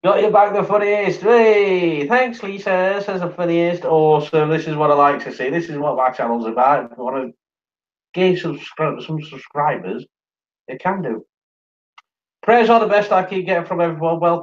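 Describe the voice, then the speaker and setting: A man's voice: a little high, highs cut off. A man from Sheffield with a Yorkshire accent, hosting a casual livestream, chatting and reading out viewer comments, tired. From Sheffield, England. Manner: chatty, reads out viewer comments, laughs often. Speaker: livestream host.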